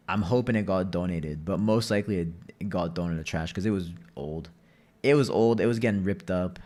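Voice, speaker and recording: A man's voice: low-pitched, brisk, a little mellow. A young man streaming a game, chatting and telling rambling stories with plenty of swearing. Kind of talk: casual gaming commentary.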